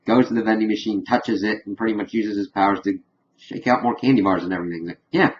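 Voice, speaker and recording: Talking fast in a steady tone, a man with a somewhat low voice rambles through a recap of a TV episode. He leans on fillers and occasionally loses his place. The audio sounds lo-fi and muffled, with the highs rolled off.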